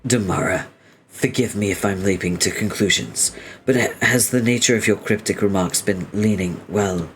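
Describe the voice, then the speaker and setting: A man's voice: lowish voice, moderate pace, noisy background, lightly acted. A man reading as a prim, long-winded young male troll inventor who talks in a formal, stiffly polite way.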